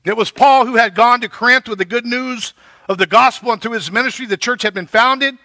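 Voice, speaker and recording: A man's voice: very high-pitched, fairly quick, pushed and bright, no echo. A male pastor preaching a sermon, building emphasis and checking in with the congregation. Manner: preaching with rising emphasis and repeated "right?".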